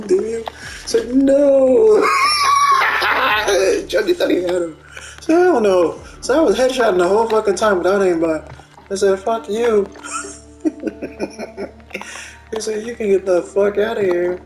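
A woman's voice: mid-range voice, moderate pace, pauses often, dark tone. A woman giving casual gameplay commentary, cursing freely, laughing often and retelling trash talk as quoted back-and-forth. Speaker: gamer.

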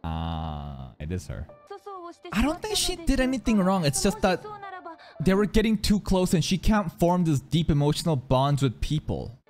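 A man hosting an anime reaction channel, talking casually and excitably, with loud outbursts, laughter and casual swearing. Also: fairly high pitch, moderate pace. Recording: music playing in the background. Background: music under the voice.

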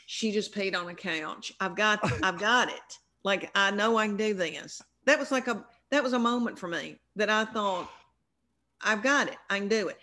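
A woman's voice: medium pitch, normal speed, sharp tone. A middle-aged woman with a Southern US accent, a comedian telling rambling, self-deprecating stories in a casual interview. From American South. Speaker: comedian guest.

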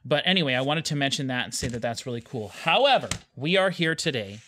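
A man's voice: medium pitch, lively intonation, fast, sharp tone, slight background noise. A man hosting a casual home video, talking in a rambling way with lots of small hesitations. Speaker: YouTube host. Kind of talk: casual vlog chat.

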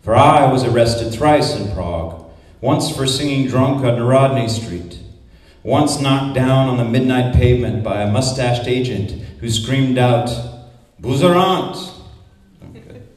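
A man's voice: mid-range voice, measured pace, darkish tone. A man reading poetry aloud at a conference, in a declamatory, incantatory recitation with repeated refrains. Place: conference hall. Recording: echoey hall, mic at a distance.

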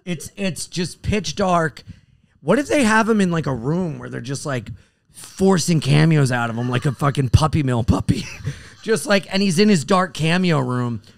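A man with a gravelly, raspy edge and a somewhat high voice, co-hosting a podcast. He jokes crudely in loose, casual banter. The sound is dry and close to the mic. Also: animated, normal speed, no room sound. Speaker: podcast co-host. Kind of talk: casual comedic chat.

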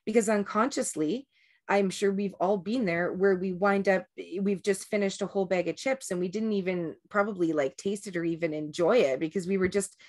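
A woman's voice: mid-range voice, moderate pace. A woman giving a casual, rambling talk on breaking habits before a group meditation, often restarting and checking in with "right?".

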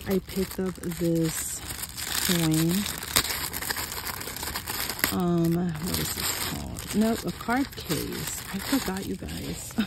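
A woman chatting through an unboxing haul at home, excitable and chatty, gasping and exclaiming over each item. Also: on the low side, creaky, background noise. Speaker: haul vlogger. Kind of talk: casual unboxing chat. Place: home room.

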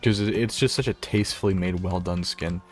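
A man's voice: low-pitched, steady tone, brisk, faint music behind. A man giving casual, rambling gameplay commentary, swearing often and restarting his sentences. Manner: rambling, profane, self-interrupting. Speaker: gaming commentator.

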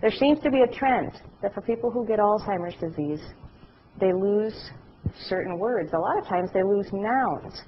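A middle-aged woman giving a class lecture, telling anecdotes in a lively way and acting out the voices of people she describes. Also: mid-range voice, moderate pace, muffled recording, a little hiss or hum. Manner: animated storytelling, acts out voices.

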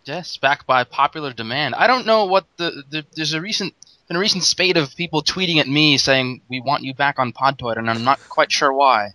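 Low-key guy guesting on a podcast, bright crisp tone. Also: a little fast, rough recording. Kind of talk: casual chat.

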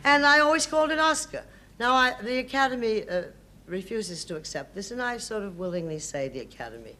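A woman's voice: fairly high pitch, very animated, a little fast, pushed and bright. Emphatic older woman, sardonic. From United States. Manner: emphatic, hesitant restarts, sardonic. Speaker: interview guest. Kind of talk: reminiscing interview.

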